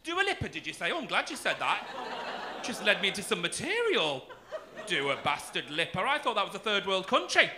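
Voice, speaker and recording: Working a comedy club stage with a high-pitched voice that swoops wildly, a camp, cheeky comic in his 40s talks a little fast. He teases the crowd and swears freely while the audience laughs in the noisy room.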